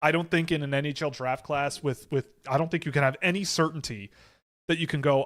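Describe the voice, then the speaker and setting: A man's voice: a little high, a little fast, fairly bright tone. Rambling man on a live stream. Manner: rambling, self-correcting, many fillers. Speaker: hockey draft analyst hosting a live stream. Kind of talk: casual live-stream commentary.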